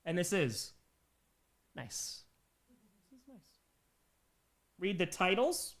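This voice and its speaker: A man hosting a casual live stream, excitedly reading chat messages and thanking viewers. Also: high voice, slow pace. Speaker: streamer host.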